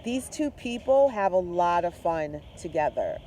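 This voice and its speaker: Effusive tarot reader, warm mellow tone. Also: mid-range voice, expressive, measured pace, slight background noise. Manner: chatty and effusive, talks to viewers directly; mixes spiritual talk with swearing and slang. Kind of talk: casual tarot reading to camera.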